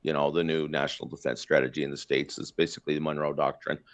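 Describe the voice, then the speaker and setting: The Canadian host talks fast in a very deep, level voice, bluntly ranting about politics on his podcast. Fillers and restarts crop up often, and the slightly dull lo-fi recording holds it all.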